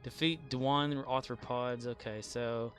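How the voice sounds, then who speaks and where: A man's voice: mid-range voice, steady tone, takes it slowly. Rambling self-deprecating male streamer. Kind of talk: casual chat while gaming.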